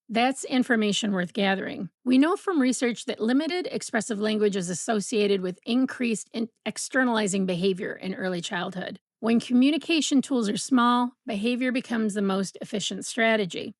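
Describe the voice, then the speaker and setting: A woman giving a calm, measured educational talk to parents as a parenting educator. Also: mid-range voice, no echo, clean studio sound. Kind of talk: scripted educational talk to camera.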